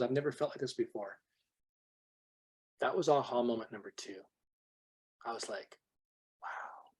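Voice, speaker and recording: A man's voice: mid-range voice, slightly rough. A man telling personal stories to his sales team on a call, acting out dialogue, his voice worn from a long night of talking. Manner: animated storyteller, acts out quoted dialogue. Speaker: guest trainer on a team call.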